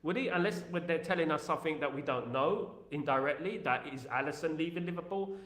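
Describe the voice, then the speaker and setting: A man's voice: fairly high pitch, a little fast, a bit bright, roomy sound. A man hosting a football fan channel, chatting casually on a live stream and reading out viewer messages in a repetitive, joking way full of filler phrases.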